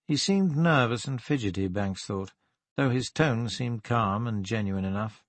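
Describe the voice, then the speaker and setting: A male audiobook narrator with a mid-range voice reads a crime story in an even, measured way. The sound is close and dry, with no room around it. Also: medium pitch, no echo. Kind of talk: scripted narration of a crime novel.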